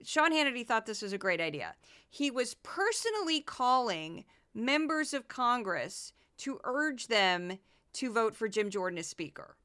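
Bright, crisp-voiced woman podcast host. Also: a little high, a little slow. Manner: animated, sarcastic. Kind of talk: political commentary.

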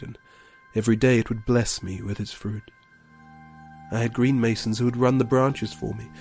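A man's voice: medium pitch, vocal fry, a little mellow, natural voice. A man voicing a cold, menacing mother bear queen.

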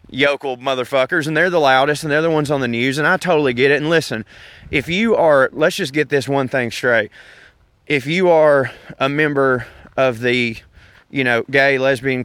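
A man's voice: medium pitch, smooth, no echo. A middle-aged man with a Southern US accent, ranting casually and profanely outdoors in a park as a podcast host. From Southern United States. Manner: profane, animated, rambling. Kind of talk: casual rant.

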